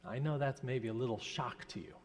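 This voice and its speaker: A minister from New Jersey telling a children's story in a worship service, asking the children questions in a gentle teacherly way. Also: male voice, medium pitch, brisk. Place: church sanctuary. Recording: long church hall reverb.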